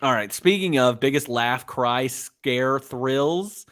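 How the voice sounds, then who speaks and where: A man co-hosting a casual movie podcast, relaxed and a little hesitant, laughing often. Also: medium pitch, slow. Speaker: podcast co-host. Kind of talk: casual movie review chat.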